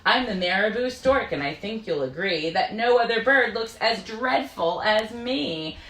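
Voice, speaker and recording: A hunched, grouchy old marabou stork grumbles about its dangly throat pouch and messy habits, voiced by a woman reading aloud. The pitch rolls low and high in a lively way, and the room echoes. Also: unhurried, recorded from a distance. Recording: roomy echo.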